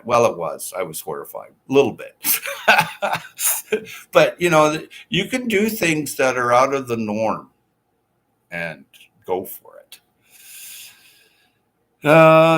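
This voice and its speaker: Guy hosting a chill stream, reads comments out loud and chats back, normal mid pitch. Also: gravelly. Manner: chatty, reads out viewer comments and answers them. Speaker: livestream host reading viewer comments. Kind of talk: casual livestream chat.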